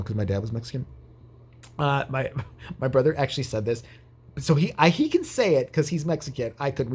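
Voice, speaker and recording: A man's voice: mid-range voice, darkish tone, husky. A man vlogging, telling a rambling, profane, jokey story in casual chat.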